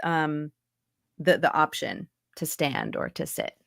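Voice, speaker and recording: A woman's voice: low voice, wildly swooping pitch, slow, gravelly, fairly bright tone, no echo, studio quality. A woman who coaches accents and does voice-over work, chatting casually in an interview and explaining with lots of asides. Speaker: accent and dialect coach, voice actor. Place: home recording booth.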